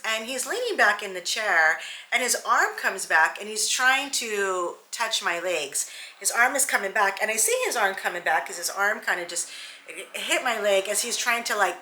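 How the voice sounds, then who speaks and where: Woman hairstylist, chatty and candid, bright voice, roomy sound. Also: medium pitch. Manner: candid, animated, digressive. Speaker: hairstylist and salon owner. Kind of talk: casual storytelling vlog. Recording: roomy echo.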